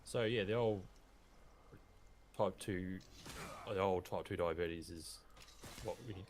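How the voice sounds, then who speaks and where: A man chatting casually as co-host, asking hesitant, halting questions. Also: sits low. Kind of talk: casual chat. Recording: distant mic with loud noise.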